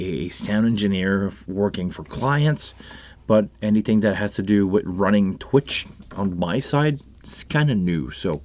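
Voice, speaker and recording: A man with a French Canadian accent hosting a casual live stream about sound gear, chatting in a rambling way with many restarts and asides. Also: mid-range voice. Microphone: live microphone on a console setup.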